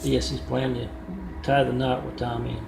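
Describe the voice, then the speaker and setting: Male vlogger, raspy-edged voice, meandering casual storytelling into a phone, roomy and noisy recording. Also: medium pitch, flat delivery, normal speed. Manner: meandering, wry asides, frequent fillers. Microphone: phone front camera. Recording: echoey room with background noise.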